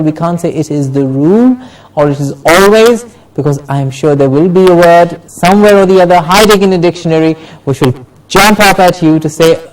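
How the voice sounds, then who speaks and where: A man teaching English word stress, slowly repeating each example word for the class to say along. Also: on the high side, distant mic, rough recording. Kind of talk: classroom lesson with drills.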